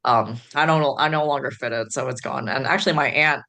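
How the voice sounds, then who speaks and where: A woman's voice: a bass voice, a little fast, creaky, pushed and bright. A woman from the Chicago area, a podcast guest, rambling through stories with many fillers. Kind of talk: casual podcast chat.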